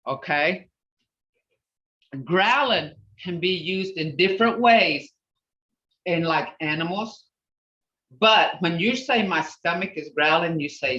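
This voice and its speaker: A woman's voice: fairly low pitch, pushed and bright. A woman teaching a language class over a video call, patiently repeating each word and drilling it. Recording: roomy, distant, dull video call audio.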